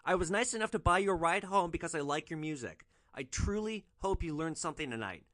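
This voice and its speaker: A man's voice: on the high side, animated, a little fast, bright, forceful tone. A man voicing a fed-up young woman passenger who scolds sharply. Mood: furious.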